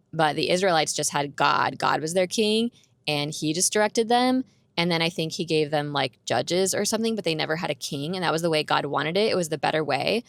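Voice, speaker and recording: A woman's voice: sits low, fast talker, no room sound. A young adult woman hosting her own podcast, chatting candidly on her own and laughing often. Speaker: podcast host. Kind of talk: casual solo podcast chat. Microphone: roommate's borrowed microphone.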